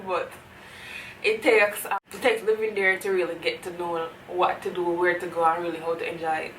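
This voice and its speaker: A woman with a Jamaican accent giving calm, explanatory commentary as a reaction host. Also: fairly low pitch, moderate pace, a little hiss or hum. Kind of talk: casual commentary. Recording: echoey room, distant mic.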